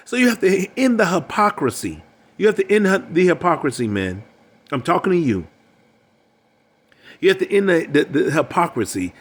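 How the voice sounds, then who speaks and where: A man's voice: high-pitched, very animated, moderate pace, long pauses, slightly rough. An older man gives a preachy, emphatic monologue as a relationship coach. He keeps repeating his phrases for emphasis. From United States.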